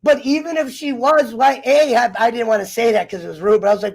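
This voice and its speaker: A man's voice: extremely high pitch, fast talker, vocal fry, few pauses. A man telling a personal story in casual chat, heated and profane, getting fired up as he talks. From United States. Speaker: round table guest.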